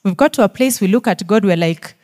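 A woman's voice: medium pitch, fairly quick, darkish tone. A woman preacher with a Kenyan accent delivers a sermon. She pleads earnestly with her listeners and fires off question after question. She drops almost to a whisper, then leans in with emphatic force.

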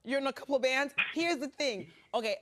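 A morning news host interviewing a guest in a playful, joking way with quick asides. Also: high-pitched, fairly bright tone, a little hiss or hum.

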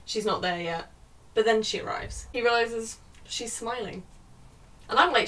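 A woman's voice: fairly high pitch, unhurried, a bit bright, far from the mic. A young woman ranting sarcastically and swearing freely while reviewing a book.

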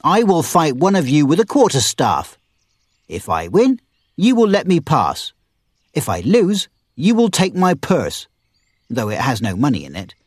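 A man's voice: fairly high pitch, wildly swooping pitch, a little slow, slightly rough, no room sound, studio quality, voice pushed up, heavily acted. A man voicing a proud, tough young swordsman who talks in a blunt, defiant way.

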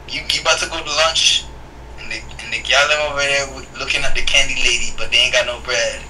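A young man riffs in loose stream banter, boasting and teasing his friend. His voice is very bright and sharp, and it sits away from the mic with a faint hiss underneath. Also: mid-range voice, quick pace, far from the mic, rough recording. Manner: boastful storytelling, teasing insults. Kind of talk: casual livestream banter.

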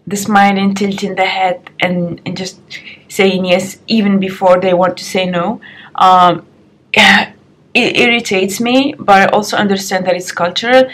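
A woman's voice: mid-range voice, steady tone, a little slow, a little hiss or hum. A young woman vlogging frankly and chattily as she does her makeup at home, recorded on the compact camera's built-in mic. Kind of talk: get-ready-with-me advice vlog.

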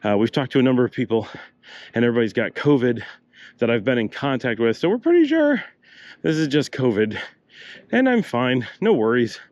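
A man's voice: medium pitch, very animated, brisk, a little mellow, no echo, lo-fi sound. An older man narrating a walking tour outdoors in a chatty, rambling way, breathing a little hard with a slight cough. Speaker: travel vlogger. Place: city streets outdoors, walking.

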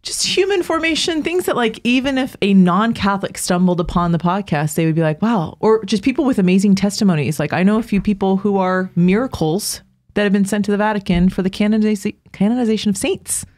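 A woman appearing as a podcast guest, talking in an animated, chatty way and laughing often. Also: medium pitch, quick pace. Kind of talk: casual chat.

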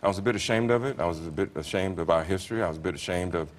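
A man in his forties with a Southern US accent tells wry, laid-back stories as a talk-show guest. His voice sits fairly low, and he hesitates often with fillers. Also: rapid-fire. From Georgia, US. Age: 40s. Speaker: comedian guest. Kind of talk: anecdotal talk-show storytelling.

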